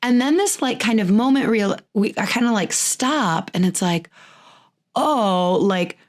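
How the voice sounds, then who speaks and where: A woman's voice: fairly high pitch, lively intonation, normal speed. Chatty woman podcast host, full of "like". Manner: chatty, rambling, lots of "like"; laughs often while talking. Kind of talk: casual chat.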